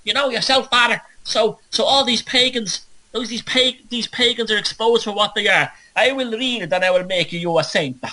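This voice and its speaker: A man putting on a gushing high-voiced churchman. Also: normal speed, few pauses, pushed and bright, low-quality recording. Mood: fawning. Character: fawning, giddy medieval churchman, male.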